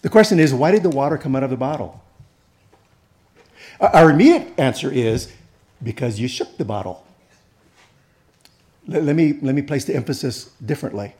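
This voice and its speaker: A man's voice: medium pitch, expressive, normal speed, long pauses, darkish tone. A man preaching a sermon as pastor, conversational and joking with the congregation, rising and pressing when he drives a point home. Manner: conversational preaching with humor and audience asides.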